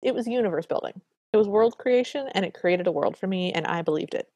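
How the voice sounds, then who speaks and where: A woman's voice: mid-range voice, expressive, fast talker, a little mellow, breathy edge, no echo, lo-fi sound. A woman co-hosting a podcast, casually recapping a film with enthusiastic, playful commentary and fan theories. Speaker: podcast co-host.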